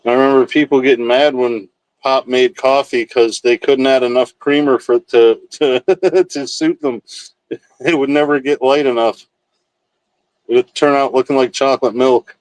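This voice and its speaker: A man's voice: mid-range voice, fairly even intonation, moderate pace, dry recording, poor audio. A man hosting a livestream, chatting casually with viewers in a rambling, profane, laid-back way. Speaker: livestream host. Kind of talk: casual chat with live chat.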